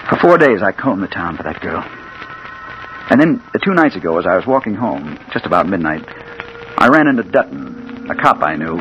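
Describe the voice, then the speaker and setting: Hard-boiled reporter narrator, dramatic, lively delivery, 1940s radio, hissy muffled broadcast. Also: male voice, fairly low pitch. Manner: dramatic, emotional, swings from hushed to urgent. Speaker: narrator and lead. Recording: old radio broadcast with hiss.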